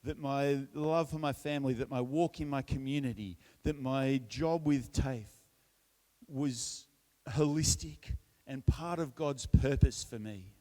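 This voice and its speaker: Middle-aged Australian man, mid-range voice, relaxed self-deprecating testimony for a church sermon. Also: mid-range voice, unhurried. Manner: relaxed storytelling with self-deprecating humor and frequent restarts. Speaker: church speaker.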